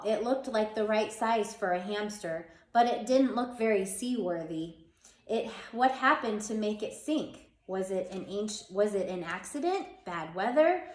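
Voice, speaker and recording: A woman reading a children's chapter book aloud with small slips and restarts, voicing the characters as she goes, a bit stuffy from allergies and coughing now and then. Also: medium pitch. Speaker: reader. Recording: echoey room, faint background hum.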